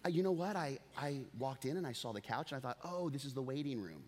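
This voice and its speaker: A man's voice: medium pitch, expressive, fast talker, background noise, natural voice. A man voicing a confused woman who walked into the wrong house, rambling in a flustered way as he retells it in a sermon. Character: confused woman lost looking for a vet.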